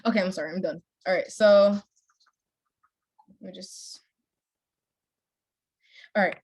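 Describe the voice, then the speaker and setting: A woman's voice: mid-range voice, steady tone, slow pace, a little mellow, husky. A young adult woman chatting casually as a gameplay vlogger, rambling with many fillers and laughing easily. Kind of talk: casual chat while playing a story game.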